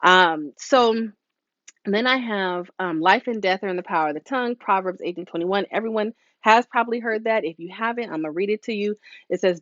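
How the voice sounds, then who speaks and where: A woman's voice: medium pitch, brisk, a bit bright, dry recording, dull audio. A woman hosting a live motivational talk as a hair stylist, speaking casually and preachily and acting out voices she quotes. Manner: casual, with many fillers and asides.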